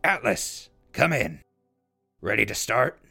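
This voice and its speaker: A man playing a wry ghoul radio DJ with a very deep, gravelly voice. He reads the ads in scripted radio patter and drops dry asides. Music plays clearly under the show. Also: measured pace, pushed and bright, exaggerated voice. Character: sardonic ghoul radio DJ, male. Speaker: radio host.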